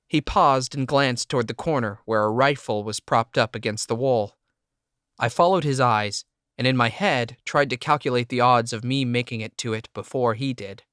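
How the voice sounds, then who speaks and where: A man's voice: mid-range voice, normal speed, fairly bright tone, no room sound. Dry-voiced male audiobook narrator. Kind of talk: first-person audiobook narration.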